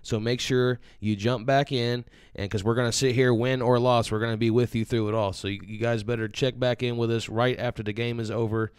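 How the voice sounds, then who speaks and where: A man's voice: mid-range voice, a little fast, few pauses, clean tone, no room sound, studio quality. A man co-hosting a live fan sports show, talking casually and reading out viewer comments. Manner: casual, steady, reads out comments.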